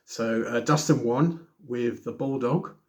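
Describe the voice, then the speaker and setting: A man's voice: medium pitch, slow. Rambling man, self-mocking and sarcastic. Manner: rambling, self-correcting, laughs at himself; sarcastic asides. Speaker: wrestling show reviewer. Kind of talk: casual solo review.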